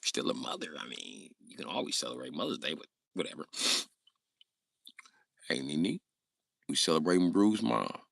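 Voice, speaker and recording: A man hosting a casual livestream rant, answering chat comments loudly, swearing and joking. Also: very deep voice, very animated, normal speed, gravelly, pauses often, no room sound, studio quality. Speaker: livestream host.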